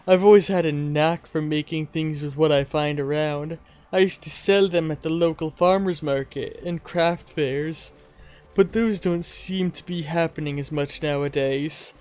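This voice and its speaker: Man reading a gentle, folksy old craftswoman; slow and sweet, slightly high. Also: close to an everyday voice. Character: kindly older woman crafter, folksy.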